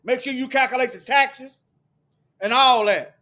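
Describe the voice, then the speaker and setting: A man delivering a heated, preachy monologue to his viewers, firing off repeated rhetorical questions and sometimes shouting. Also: very high voice, unhurried. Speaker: video commentator.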